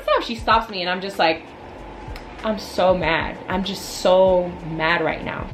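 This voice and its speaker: A woman in her twenties telling a storytime vlog in a blunt, casual, venting way, with animated asides. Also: fairly low pitch, slight background noise, poor audio. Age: 20s. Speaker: vlogger.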